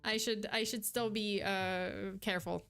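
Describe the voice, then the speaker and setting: A young woman chatting casually on a live stream, reacting to chat with quick, giggly, animated replies. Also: medium pitch, faint music behind.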